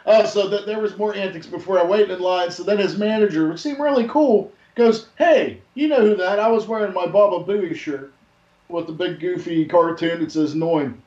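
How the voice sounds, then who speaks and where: A man with a fairly high voice tells a raucous story, swearing constantly and acting out each part with big energy. He is recorded at home, and the sound is echoey and dull, like a lo-fi room recording. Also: normal speed. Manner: profane, animated storytelling. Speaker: podcast host. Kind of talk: casual storytelling.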